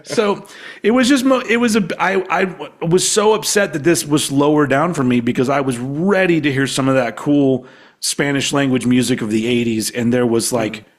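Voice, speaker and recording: A man from Texas co-hosting a podcast, chatting casually with a rambling, swearing delivery that sometimes trails off quietly. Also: fairly high pitch, normal speed. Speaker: podcast co-host. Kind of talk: casual chat.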